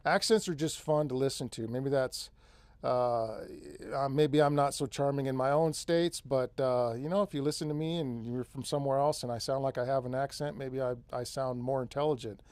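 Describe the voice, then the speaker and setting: With a steady, medium-pitched, slightly mellow voice at a moderate pace, this off-grid channel host chats easily on his live stream, free of room sound. He has a central Californian accent, rambles freely, and uses "man" and "dude" a lot.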